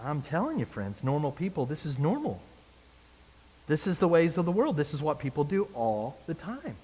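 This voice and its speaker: A man preaching a sermon as a pastor, animated, acting out the people he quotes. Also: a little high, moderate pace, husky, long reverb tail.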